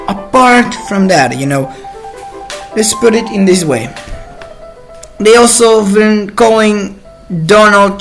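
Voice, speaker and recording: Slow, indignant man ranting. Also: high voice, fairly bright tone. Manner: indignant, opinionated, halting with restarts. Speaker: channel host. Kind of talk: ranting monologue.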